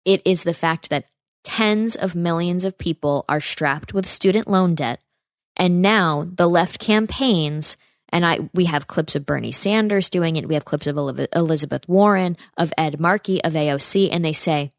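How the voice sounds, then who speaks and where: A woman's voice: fairly low pitch, normal speed, dry recording, clean studio sound. A woman hosting a political commentary podcast, speaking emphatically and throwing out sarcastic rhetorical questions. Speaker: podcast host.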